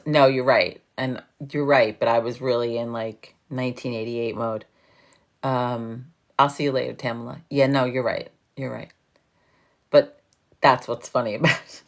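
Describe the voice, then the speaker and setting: A woman in her fifties with a very deep, gravelly voice. She talks casually to her viewers, laughs a lot and swears freely. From New York. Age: 50s. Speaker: livestream host.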